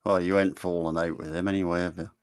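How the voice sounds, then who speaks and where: A man's voice: low voice, level tone, fast talker, a little mellow, clear, resonant tone. A man chatting casually on a stream in a laid-back, dry, teasing way. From not from Cornwall. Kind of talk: casual chat.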